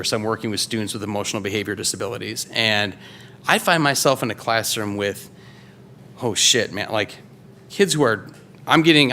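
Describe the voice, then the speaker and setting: A man's voice: fairly low pitch, sharp tone, a little hiss or hum. A man in his thirties from Wisconsin telling a true story at a live story slam, casual and loose, with lots of fillers and restarts. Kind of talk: live first-person storytelling. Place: live stage before an audience.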